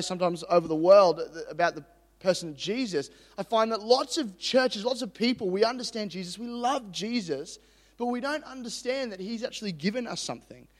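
A young Australian preacher delivers his sermon in an animated, self-deprecating style, often stopping to restart a sentence. His voice sits a little high for a man. A long hall reverb trails after each phrase. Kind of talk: sermon with personal story. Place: church hall.

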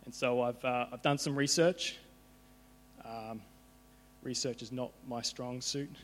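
A man's voice: mid-range voice, fairly even intonation, unhurried. A young man giving an informal sermon, conversational, often repeating his words as he goes. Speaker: preacher. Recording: hall reverb with mains hum.

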